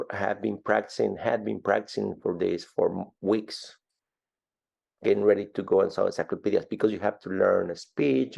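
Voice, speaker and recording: The dull audio carries a deep, husky voice with vocal fry belonging to a man in his fifties from Ecuador. Speaking with an Ecuadorian Spanish accent, he relates his story as an interview guest, lively and given to repeating words.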